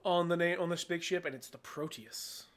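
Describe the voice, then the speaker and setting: A man's voice: a little high, normal speed, a bit bright. A man co-hosting a casual movie review, joking, swearing and laughing at his own remarks. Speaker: podcast co-host.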